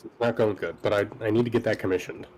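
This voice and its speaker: A man's voice: lowish voice, steady tone, fast talker, a little mellow, a little hiss or hum, poor audio. Goofy, playful male player. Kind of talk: casual chat at a game table.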